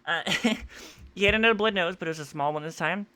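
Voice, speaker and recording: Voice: mid-range voice, fast talker, pushed and bright. A game streamer chatting casually at home, rambling, laughing often and swearing offhand. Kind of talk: casual gameplay commentary. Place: home room.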